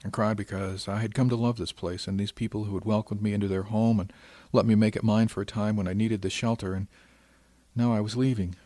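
A man reading a first-person science fiction story in a measured, reflective way. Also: on the low side, fairly even intonation, warm tone, dry recording. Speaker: audiobook narrator. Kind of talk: scripted first-person narration.

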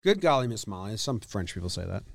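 A man's voice: fairly low pitch, big pitch swings, quick pace, gravelly, dry recording. A man co-hosting a casual sports podcast, dry and sarcastic, repeating jokes and doing ad reads. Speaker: podcast co-host.

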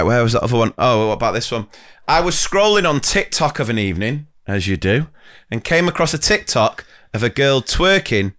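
A man's voice: mid-range voice, a bit bright. A young adult man co-hosting a teachers' podcast, reading listener stories in casual chat and laughing often.

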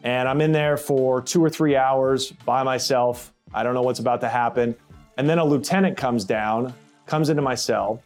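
Man, blunt plainspoken storyteller, casual and cursing, mid-pitched voice. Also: moderate pace, darkish tone, soft background music. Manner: acts out others' voices in quotes. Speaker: former prisoner telling his story. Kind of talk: first-person storytelling podcast.

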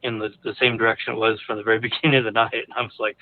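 A man's voice: fairly low pitch, level tone, very fast. A man calling in to a show, telling a long story in a casual, rambling way with lots of "like" and "you know". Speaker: caller. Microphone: phone. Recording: tinny phone line.

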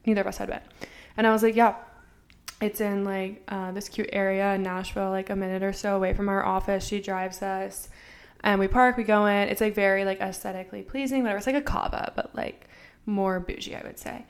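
A woman's voice: medium pitch, little pitch movement, fairly quick, clean tone. A young woman in her twenties co-hosting a podcast, telling a story in casual chat, full of fillers and acted-out bits of dialogue. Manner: chatty, filler-heavy, acts out dialogue with swearing. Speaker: podcast co-host.

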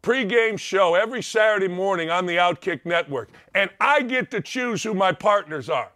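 A man's voice: high voice, lively intonation, normal speed, pushed and bright. A man hosting a sports talk show, ranting bluntly and brashly in an opinionated monologue.

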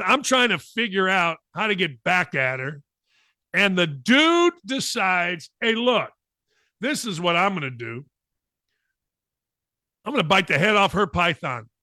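A middle-aged man hosting a sports talk show, reading odd news stories and riffing on them in a jokey, animated way. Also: sits high, no room sound, clean studio sound.

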